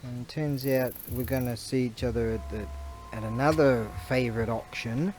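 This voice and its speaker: A man's voice: medium pitch, steady tone, normal speed, darkish tone, slight background noise. A man, chatting casually in a rambling, storytelling way for his vlog, recorded outdoors on a camera mic. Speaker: vlogger.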